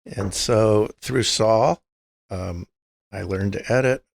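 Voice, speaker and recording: An older man with a low, heavily gravelly voice tells long stories as an interview guest. He acts out what the people in his stories said, and his husky voice sounds dry and close to the mic. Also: slow pace, no echo. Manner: anecdotal, acts out quoted dialogue. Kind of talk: storytelling interview.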